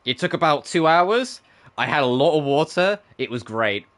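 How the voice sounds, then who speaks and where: A man's voice: fairly high pitch, animated, normal speed, a bit bright. A man in his twenties from Britain with a faint British accent, rambling and swearing as a streamer in casual chat. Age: 20s.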